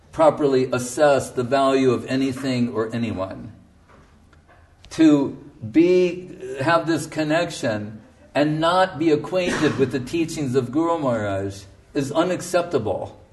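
A man's voice: medium pitch, darkish tone. A man lectures earnestly as a spiritual teacher, stressing his points and now and then chanting verses. His voice sits in a middle register. He sounds a little distant from the microphone. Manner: earnest, emphatic, quotes his guru in Bengali and Sanskrit. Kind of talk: devotional lecture.

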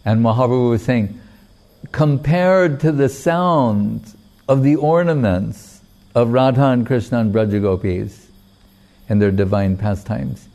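A man giving a devotional talk, retelling a sacred story in a measured, unhurried way with pauses. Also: medium pitch, gravelly, darkish tone. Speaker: spiritual teacher.

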